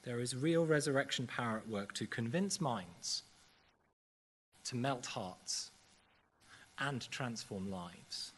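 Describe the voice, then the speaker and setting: A man preaching a sermon in a church service, earnest and measured, with occasional fillers. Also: medium pitch, expressive, fairly bright tone, husky.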